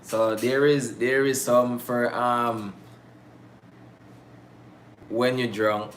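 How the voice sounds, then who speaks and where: A man's voice: medium pitch, level tone, extremely slow, slight background noise. A man with a Caribbean Creole accent, chatting casually on a livestream and reading comments from chat. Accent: Caribbean English Creole. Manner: laid-back, rambling, reading chat aloud. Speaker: livestream host.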